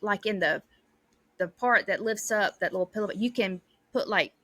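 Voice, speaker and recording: A woman, co-hosting a podcast and telling a family story in a lively, laughing way. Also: medium pitch, normal speed, no echo. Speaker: podcast co-host. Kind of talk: casual storytelling.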